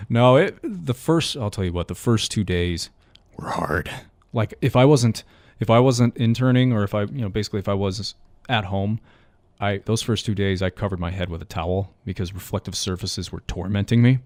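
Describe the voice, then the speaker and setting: A man's voice: fairly low pitch, normal speed, dry recording. A young man hosting a college radio metal show, chatting casually in a rambling, self-mocking way. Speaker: radio host.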